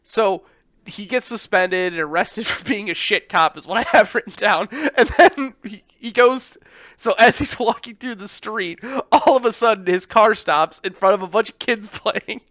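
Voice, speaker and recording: A man casually retelling a film plot, animated, swearing, and slipping into mock voices for the characters. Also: sits high, moderate pace, no echo. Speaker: podcast co-host. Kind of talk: casual movie recap chat.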